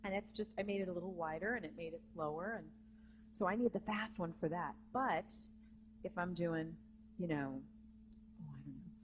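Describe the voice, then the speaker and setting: A woman's voice: lowish voice, normal speed, lo-fi sound, a little hiss or hum. A woman teaching a vocal jazz masterclass, chatty and breaking into short sung phrases. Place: conference hall with live student audience.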